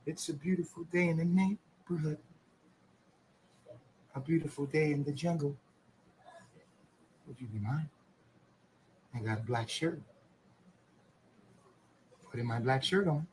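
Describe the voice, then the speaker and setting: A man mocking a soft-spoken, gentle male TV neighbor, talking slowly, quietly and overly politely. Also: a little high, a little hiss or hum, voice pushed down, close to an everyday voice, rough recording. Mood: sweet. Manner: slow, hushed and overly polite.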